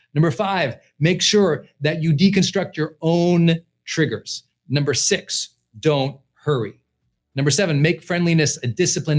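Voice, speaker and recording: A middle-aged man, a personal development coach, giving an emphatic motivational class lecture and repeating his key points. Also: fairly high pitch.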